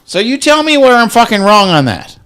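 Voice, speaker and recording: A man's voice: very high-pitched, very animated, brisk, a bit bright, clear, resonant tone, soft background music. A middle-aged man in casual chat, ranting heatedly with lots of swearing and stammered restarts. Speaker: co-host.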